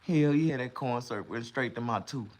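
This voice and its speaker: A middle-aged man, talking casually on a livestream and swinging between loud mock crying and low muttering. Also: normal speed.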